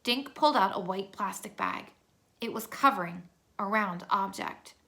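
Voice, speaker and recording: Bright-voiced woman reading a storybook. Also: medium pitch, moderate pace. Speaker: narrator. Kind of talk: reading a children's chapter book aloud.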